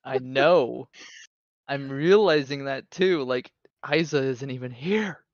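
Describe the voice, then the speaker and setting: A woman playing in a tabletop game, lively and quick to exclaim. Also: very deep voice, dry recording, dull audio. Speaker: player. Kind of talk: tabletop role-play.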